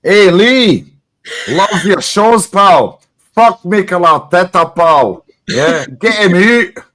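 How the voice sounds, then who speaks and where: A man doing a loud of his football-fan mate, tagging pal onto every line. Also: sits high, animated, slow pace, pitched above the performer's own voice, heavily acted. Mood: rowdy. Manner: shouty, repeating pal.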